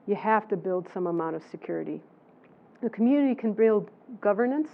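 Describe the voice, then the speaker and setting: A woman's voice: mid-range voice, vocal fry. A professor in her sixties fields audience questions in a lecture setting, speaking with a plain mid-range voice. She talks emphatically, hammering points home by repeating them. The recording is thin and tinny, like a phone line. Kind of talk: lecture Q&A answer.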